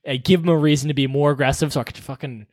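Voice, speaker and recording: A man's voice: on the high side, racing, no room sound, studio quality. A man telling a story from his paramedic work in casual chat, acting out what people said and swearing freely. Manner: animated storytelling, acts out quotes, swears freely.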